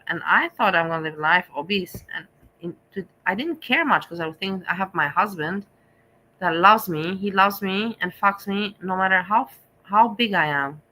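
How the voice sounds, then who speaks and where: A woman's voice: medium pitch, animated, normal speed, pushed and bright, low-quality recording. A middle-aged woman hosting a vlog, talking candidly in a rambling, repetitive way. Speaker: vlog host. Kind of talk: candid casual chat.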